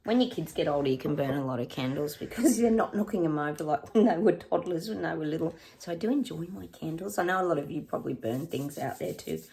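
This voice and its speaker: A woman's voice: low-pitched, expressive, quick pace, vocal fry, hardly any pauses, dark tone. A middle-aged Australian woman chatting casually to her viewers in a rambling, friendly way, often calling them guys. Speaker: psychic vlogger.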